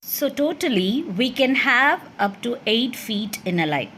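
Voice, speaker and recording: A woman's voice: on the high side, big pitch swings, unhurried, sharp tone, slight background noise. A woman college English lecturer with an Indian English accent, explaining step by step and answering her own questions in a classroom lecture.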